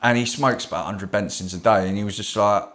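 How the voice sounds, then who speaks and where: Low-voiced man telling stories. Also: quick pace. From Kent, England. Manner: animated, swears constantly, does voices. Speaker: tattoo artist guest. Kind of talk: casual storytelling.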